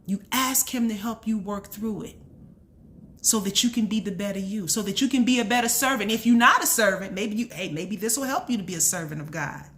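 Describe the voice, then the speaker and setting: A woman's voice: medium pitch, fairly quick, a bit bright, a little hiss or hum. An earnest woman speaks straight to her listeners with a preacher's insistence. She says her key points twice and talks in loose, everyday grammar. Her voice sits at an average height. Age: adult with a son. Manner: earnest and preachy, repeats phrases for emphasis. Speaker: channel host. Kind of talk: motivational faith talk.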